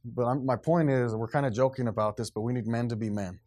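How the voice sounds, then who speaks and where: A pastor with a mid-range voice preaches a blunt, emphatic sermon at a quick pace, growing loud and animated as he goes.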